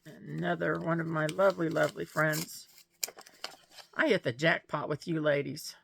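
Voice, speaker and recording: A woman's voice: low voice, steady tone, moderate pace, creaky, a little hiss or hum. A woman chatting to her viewers in a casual vlog, gushing and laughing often as she opens mail and gifts. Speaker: vlogger showing mail and gifts. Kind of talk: casual chat to camera.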